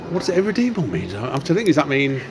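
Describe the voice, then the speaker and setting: A man with a fairly high voice and huge pitch swings hosts a podcast at a quick pace, with background noise from a busy café crowd. Recorded in a library café, he chats casually in interview style, rambling with many fillers.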